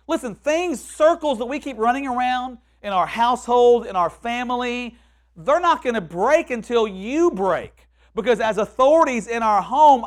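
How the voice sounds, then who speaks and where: A man preaching a sermon in a conversational way, often repeating words and acting out what people say. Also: very high-pitched. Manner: conversational, repeats words and restarts, quotes people in lively voices.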